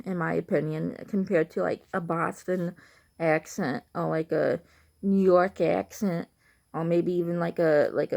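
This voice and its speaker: A woman's voice: fairly low pitch, creaky, a little mellow. Rambling woman with a Chicago accent. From Chicago, Illinois. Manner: rambling, many fillers like "like" and "you know". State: just woke up, tired. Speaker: vlogger. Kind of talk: casual rambling chat to camera.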